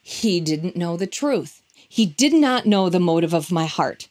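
A woman preaching a sermon through a personal story, told in an animated way with frequent laughs. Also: on the low side, measured pace.

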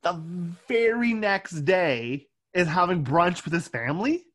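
A man's voice: high-pitched, unhurried. A man co-hosting a podcast, chatting casually and getting exasperated over a movie. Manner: exasperated, animated, swears when riled. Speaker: podcast co-host. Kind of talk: casual movie review chat.

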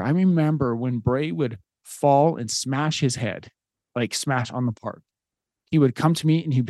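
A man's voice: mid-range voice, a little mellow, no room sound. A man in his thirties hosts a podcast and tells a family story in an earnest, conversational way. His voice sits in a middle register. The recording is close and dry. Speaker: podcast host. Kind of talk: casual storytelling.

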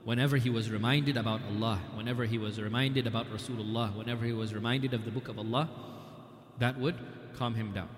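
A man of middle pitch lectures on religious history, retelling events through dialogue and recited scripture. His voice rings out in a large, roomy hall with a long reverb tail. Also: fairly even intonation, fast talker, a crowd in the background.

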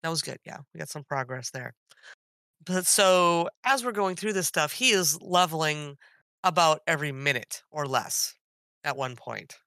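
A woman in her thirties co-hosts a gaming podcast, her voice hoarse from illness yet bright and forward. She talks in an animated, laughing, tangent-hopping way. The sound is dry and close. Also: sits low, moderate pace, dry recording. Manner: animated, laughs often, jumps between topics. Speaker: podcast co-host. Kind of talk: casual chat.

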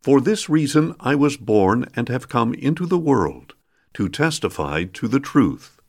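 A man reading the lines of a calm, grave male teacher under trial, in a measured, solemn way. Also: mid-range voice, vocal fry, heavily acted.

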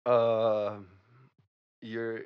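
A man's voice: lowish voice, level tone, extremely slow, clean tone. A man hosting a casual improv comedy video, loose and laughing, swearing now and then. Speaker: host. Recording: dull lo-fi sound.

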